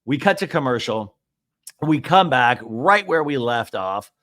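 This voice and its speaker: Lively gossipy man hosting a recap. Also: mid-range voice, unhurried. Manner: gossipy, animated retelling. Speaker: podcast host. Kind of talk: comedic TV recap.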